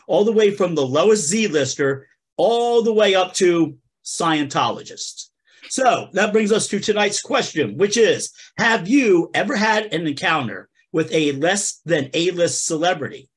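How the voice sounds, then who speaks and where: A man's voice: fairly high pitch, a bit bright, husky. A man hosting a comedy podcast, telling a funny story in a playful way and talking straight to the listeners. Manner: playful, addresses listeners as folks. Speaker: podcast host. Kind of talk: comic storytelling.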